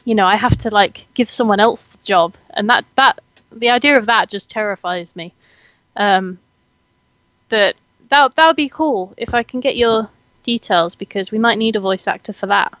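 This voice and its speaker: A woman's voice: medium pitch, normal speed, a bit bright, no room sound, dull audio. A young woman hosting a casual chat, giggly and chatty, often poking fun at herself. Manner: giggly, chatty, self-deprecating. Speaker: host, student.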